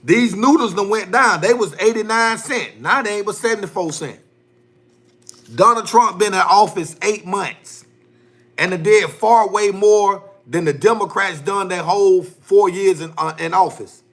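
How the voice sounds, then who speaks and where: A man holds forth on his own livestream in a heated, rambling rant. His voice sits high and sounds bright and forceful. He repeats his points over and over in loose, slangy speech. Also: unhurried. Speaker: livestream host.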